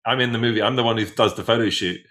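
A man's voice: fairly low pitch, a bit bright. A man hosting an interview, joking and stumbling over his words as he talks. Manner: fast, joking, stammers and restarts. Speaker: interviewer host. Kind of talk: casual interview chat.

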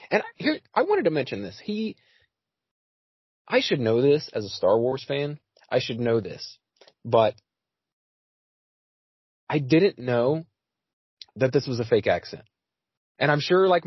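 Male podcast host, lively pitch, filler-heavy casual talk, dry lo-fi sound. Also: breathy edge, no echo. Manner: animated, with frequent fillers and restarts. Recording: dry, slightly dull audio.

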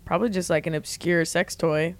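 A woman's voice: lowish voice, fairly even intonation, fairly quick. A young woman comedian telling stories in a loose podcast chat, laid-back, trailing off with fillers and swearing casually. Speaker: guest comedian.

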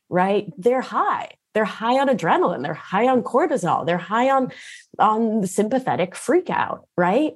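A middle-aged woman speaking as a guest coach in a casual interview. She is animated and slangy, and often tags her sentences with "right?". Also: mid-range voice, slightly rough.

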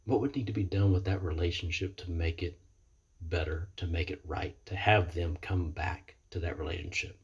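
Deep raspy guy on his webcam, earnest recovery pep talk, keeps restarting sentences. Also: steady tone, dull audio. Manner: earnest, halting, repeats words often. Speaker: person in recovery sharing experience. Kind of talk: reflective motivational monologue. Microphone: computer webcam mic.

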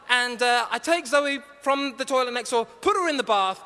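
A man preaching a humorous, story-driven sermon, self-mocking and animated, then earnest and urgent. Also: very high voice, normal speed. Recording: long reverb of a large hall.

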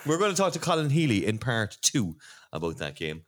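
A man's voice: medium pitch, big pitch swings, fairly quick, fairly bright tone. An Irish man hosting a podcast in casual chat, rambling and laughing often. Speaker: podcast host.

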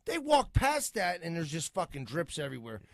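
Man, co-host: fairly high voice, swings widely in pitch, dry close sound, cursing storyteller. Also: moderate pace, creaky, no room sound. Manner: profane, animated storyteller. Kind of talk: casual chat.

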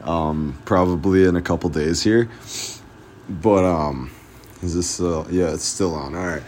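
Young man, low voice, stoned rambling chat, giggly and profane, noisy room. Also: a little slow, darkish tone. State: high. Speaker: podcast host. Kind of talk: casual podcast chat. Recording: noisy amateur room recording.

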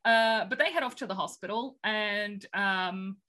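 A woman's voice: medium pitch, a little slow, pushed and bright. A woman co-hosting a podcast who recaps a film in a chatty, rambling way with lots of fillers and giggles. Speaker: podcast co-host. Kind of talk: casual film recap chat.

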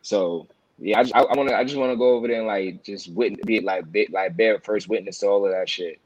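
Low-voiced rambling New man. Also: quick pace, no room sound, highs cut off. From New York. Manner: rambling, filler-heavy, many restarts. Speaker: podcast co-host. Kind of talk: casual chat.

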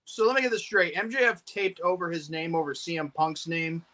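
A man's voice: fairly high pitch, animated, a little fast, sharp tone. A man chatting casually as a podcast panelist, asking questions and teasing the others. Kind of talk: casual chat.

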